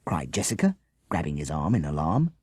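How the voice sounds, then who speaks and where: A man narrating a children's storybook audiobook with expressive delivery. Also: deep voice, brisk, creaky, husky, no room sound, studio quality. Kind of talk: storybook reading.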